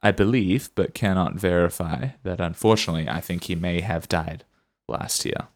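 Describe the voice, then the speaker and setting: A man's voice: low-pitched, moderate pace, dry recording. A man co-hosting a casual podcast, teasing his partner and laughing often. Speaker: podcast co-host. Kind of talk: casual chat.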